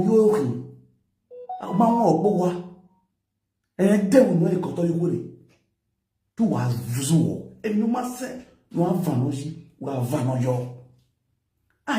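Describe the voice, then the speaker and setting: A man with a Nigerian accent lectures and scolds, his fairly high voice swooping up and down. The tone is mellow and dark. The echo of a bare room hangs around his words. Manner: lecturing, mixing pidgin and local language. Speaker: social media commentator. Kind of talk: scolding commentary.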